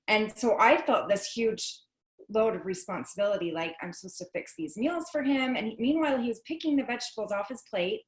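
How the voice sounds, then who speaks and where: A woman's voice: a little high, fairly quick, echoey room. A woman telling her personal story on a video call, chatty and full of fillers and restarts.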